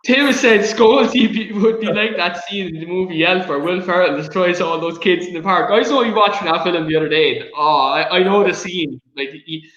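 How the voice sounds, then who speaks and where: A man's voice: high-pitched, moderate pace, hardly any pauses, fairly bright tone, roomy sound, dull audio. An Irish man hosting a casual football chat show, who rants with passion and breaks into giggles. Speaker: podcast host.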